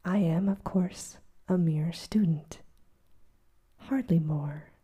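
Woman doing a whispered role-play of an earnest young reporter, hesitant, dark breathy whisper. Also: on the low side, slow. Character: earnest young male Irish journalist, nervous but bold.

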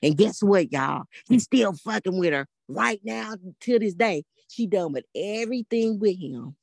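A woman's voice: mid-range voice, expressive, unhurried, vocal fry, darkish tone, slightly rough, dry recording, studio quality. Blunt, profane older woman storyteller. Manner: blunt, profane, emphatic, keeps asking rhetorical "guess what". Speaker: podcast host. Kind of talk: casual storytelling to a live audience.

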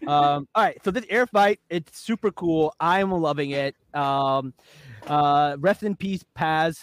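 Excitable man hosting a podcast. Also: on the high side. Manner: excited, quick asides and laughs. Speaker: podcast host. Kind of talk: casual chat.

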